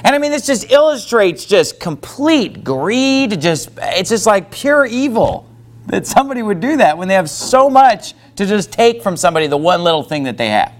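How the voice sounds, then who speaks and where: Animated high-voiced male preacher. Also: moderate pace. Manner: preaching with rising emphasis, reads scripture in King James wording; conversational asides with fillers. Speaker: pastor. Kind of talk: sermon.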